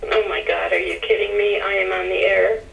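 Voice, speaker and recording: A woman's voice: medium pitch, fairly even intonation, fairly quick, vocal fry, far from the mic, soft background music. A woman in her forties calling a radio show, gushing and fighting back tears. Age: 40s. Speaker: caller. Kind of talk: emotional radio call-in. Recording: muffled phone line from afar.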